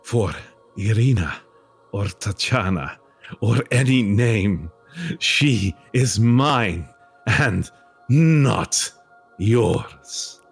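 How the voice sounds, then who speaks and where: A man voicing a cold, possessive vampire lord who speaks slowly and with menace. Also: on the low side, expressive, creaky, husky, soft background music, exaggerated voice. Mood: menacing.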